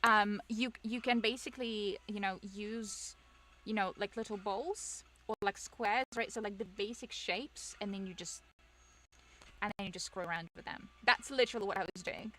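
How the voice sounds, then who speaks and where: A woman's voice: mid-range voice, normal speed, bright, forceful tone. A young woman streamer chatting casually with her viewers, rambling, self-deprecating and laughing often.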